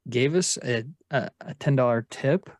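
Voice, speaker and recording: A man's voice: medium pitch, normal speed, darkish tone, no room sound. A man with a mid-range voice talks eagerly in a casual podcast chat, stumbling and restarting his words as he goes. The sound is dry and close to the mic. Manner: enthusiastic, stammering restarts. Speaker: podcast co-host.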